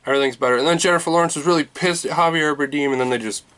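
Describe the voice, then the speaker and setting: Casting: male vlogger, slightly high voice, ranting and cursing, loose and rambling. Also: racing, a bit bright, clear, resonant tone. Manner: exasperated, swearing, lots of fillers. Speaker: movie reviewer. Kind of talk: casual vlog rant.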